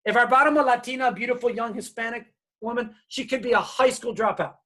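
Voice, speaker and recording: A man telling a personal story to an audience as a diversity speaker. He talks in an animated way and acts out the voices of family members as he goes. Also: very high voice, a little fast. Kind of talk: storytelling keynote talk.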